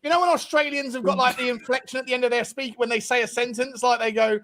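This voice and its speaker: A man's voice: very high-pitched, fairly even intonation, quick pace, a bit bright, a little hiss or hum. A man hosting a casual football fan stream, bantering with co-hosts and reading out viewer messages in a jokey, swearing manner. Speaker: show host reading super chats.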